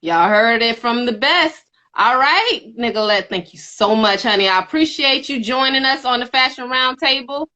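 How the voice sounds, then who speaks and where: A woman's voice: a little high, lively intonation, moderate pace, few pauses, pushed and bright. A woman hosting a live online interview, enthusiastic and folksy, calling viewers "y'all" and "honey". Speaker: interview host. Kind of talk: live social media interview. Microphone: live video call.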